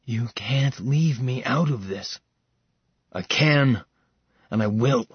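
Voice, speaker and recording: Man reading a bossy stubborn guy, insistent, husky and dry. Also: mid-range voice, slow pace, no echo, highs cut off, full character voice. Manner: forceful, insistent. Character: commanding man, stubborn and protective.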